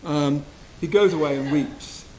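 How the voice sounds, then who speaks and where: A man giving a gentle, reflective Buddhist retreat talk, often checking in with his listeners. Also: a little high, unhurried, slight background noise, low-quality recording. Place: retreat hall.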